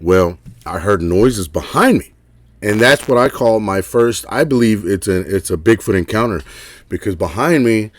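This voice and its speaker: Middle-aged man, rambling with fillers, lowish voice, dry sound. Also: lively intonation, normal speed, no echo. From Texas. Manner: rambling, filler-heavy, keeps asking "right?". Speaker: caller sharing an encounter. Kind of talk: casual storytelling.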